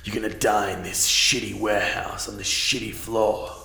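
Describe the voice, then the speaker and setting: A man's voice: fairly low pitch, flat delivery, normal speed, creaky, bright, forceful tone, reverberant, faint music behind. A man voicing a violent, ruthless male cop who speaks in an intense, threatening way.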